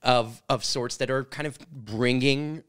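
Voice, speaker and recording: A man's voice: medium pitch, steady tone, a little slow, a bit bright, clear, resonant tone. A man hosting a podcast in a studio, asking long, rambling questions with many restarts. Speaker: podcast host. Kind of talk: casual podcast interview.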